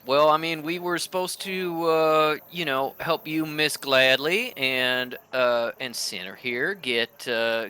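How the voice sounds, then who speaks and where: A man's voice: medium pitch, bright, forceful tone, smooth. A man voicing a brash, motherly older woman who leads a mercenary crew, with a folksy drawl.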